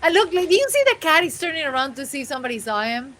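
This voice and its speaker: A woman's voice: high voice, very animated, very fast, fairly bright tone, a little hiss or hum. A woman co-hosting a podcast in casual chat, rambling and self-deprecating. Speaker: podcast co-host.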